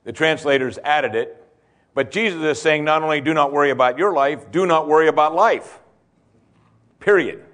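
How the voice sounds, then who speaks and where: A man's voice: on the high side, normal speed, a bit bright. A man preaching an expository sermon as a pastor, repeating key points and asking rhetorical questions.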